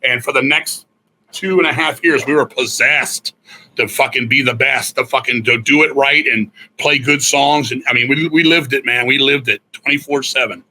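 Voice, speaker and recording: Raspy, bright-voiced man, swearing freely. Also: medium pitch, moderate pace, low-quality recording. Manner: swears freely, intense and blunt. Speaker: guest musician. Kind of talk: casual storytelling.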